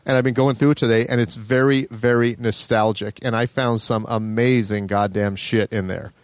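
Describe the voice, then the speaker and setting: A man co-hosting a casual comedy podcast, telling stories in an animated, profane way. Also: mid-range voice, moderate pace, dry recording. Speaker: podcast co-host.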